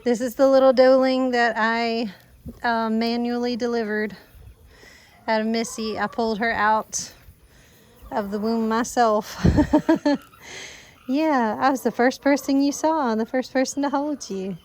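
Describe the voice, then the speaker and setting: A woman with a Southern US accent talking casually for a farm vlog, often slipping into soft baby talk with her animals outdoors. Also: on the high side, steady tone, unhurried, long pauses. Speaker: farm vlogger. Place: outdoors on a farm with goats and chickens.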